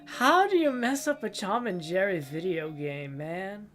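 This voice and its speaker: A young woman chatting on a livestream in a loose, rambling way, jumping from story to story. Her voice sits at an ordinary pitch, and her telling is lively. Quiet music plays faintly behind her. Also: measured pace. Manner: rambling, animated storytelling with goofy character voices. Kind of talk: casual chat stream.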